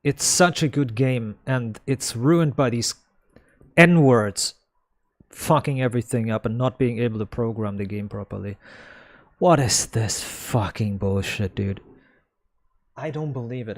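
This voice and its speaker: A man's voice: mid-range voice, a little slow, no echo. Exasperated man ranting over gameplay. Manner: exasperated, repetitive ranting with heavy swearing; stammers and repeats himself. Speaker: gameplay streamer. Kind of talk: live gameplay commentary.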